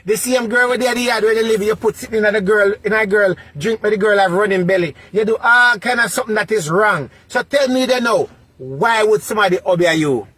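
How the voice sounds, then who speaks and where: A man with a Jamaican accent and a notably high voice, lecturing someone in a vlog rant. He hammers points by repeating them in a sing-song, preacher-like cadence. The sound is close and dry. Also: fairly even intonation, fast, hardly any pauses, a bit bright, no room sound. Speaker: vlogger. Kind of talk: scolding social media rant.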